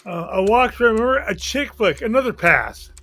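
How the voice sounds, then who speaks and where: High-pitched man with dry, dismissive quips. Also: big pitch swings, moderate pace, gravelly, bright, forceful tone. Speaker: panelist.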